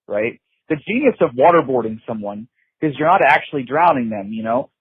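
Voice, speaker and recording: A man's voice: mid-range voice, slightly rough, dry recording. A middle-aged man recounting his past in an emphatic way, repeating himself and saying "you know" a lot, heard over a phone line. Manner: emphatic, repetitive, frequent "you know" and restarts. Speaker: interview guest. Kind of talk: intense personal recollection.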